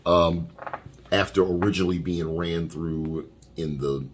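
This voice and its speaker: A man thoughtfully recalling a past broadcast in an interview, pausing as he remembers. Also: low-pitched, fairly even intonation, slight background noise. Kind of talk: reflective retrospective interview.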